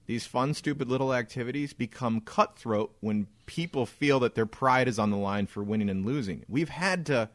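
A man's voice: mid-range voice, normal speed, few pauses, no echo, studio quality. A man co-hosting a casual podcast, talking in a rambling, emphatic way with frequent swearing. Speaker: podcast co-host.

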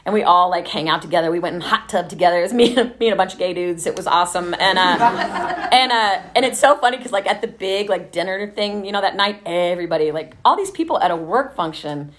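A woman's voice: on the low side, fast talker, a bit bright, a little hiss or hum. A woman from Texas telling her recovery story in a casual, chatty way, swearing freely and laughing often.

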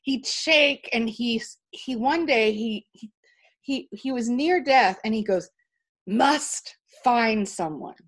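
A woman's voice: a little high, unhurried. Emphatic woman telling a long story. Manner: animated, emphatic storytelling with restarts. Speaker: interview guest. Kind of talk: storytelling in conversation.

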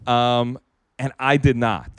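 A man's voice: medium pitch, fairly even intonation, slow, fairly bright tone, smooth, no room sound. A man hosting a casual comedy podcast, rambling through a story with many fillers and laughs. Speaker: podcast host.

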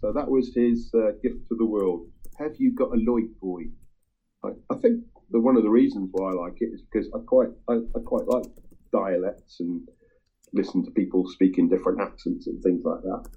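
A man chatting casually with friends about a song, talking in a halting way with lots of ums and restarts. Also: fairly low pitch, breathy edge. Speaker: music-sharing group member. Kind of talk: casual chat. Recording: tinny phone-like line.

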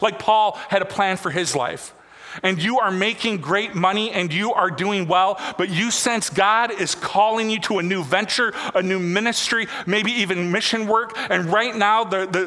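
High, bright-voiced male preacher in a hall. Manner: repetitive, rhythmic preaching with sudden soft drops. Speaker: pastor. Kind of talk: sermon. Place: church sanctuary. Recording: long reverb of a large hall.

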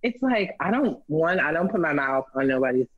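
A young woman telling a candid, profane story in a casual chat, lively and blunt. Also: low voice, brisk, phone-quality sound. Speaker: storyteller guest.

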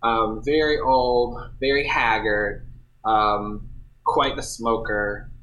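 A man's voice: mid-range voice, steady tone, takes it slowly, fairly bright tone, low-quality recording. A man co-hosting a podcast, chatting casually and telling a story in a rambling, self-interrupting way. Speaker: podcast co-host. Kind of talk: casual chat.

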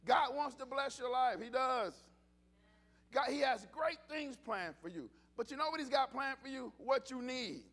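A pastor delivering a casual, animated sermon, often repeating himself and restarting phrases. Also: male voice, very high voice, moderate pace. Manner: animated, conversational preaching with repetitions and restarts.

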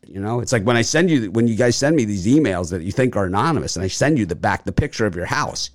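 A man with a lowish voice, recorded dry and close, as he talks through a casual show segment. He rambles with lots of fillers and tends to boast. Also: animated, fast, dry recording. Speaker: sports betting show host. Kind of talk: casual chat.

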